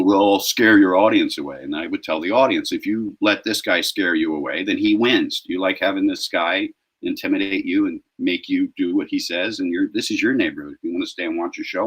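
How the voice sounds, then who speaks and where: A man's voice: low-pitched, fairly bright tone, husky, poor audio. A man, a street performer guest, telling stories in a casual interview and acting out confrontations with emphasis.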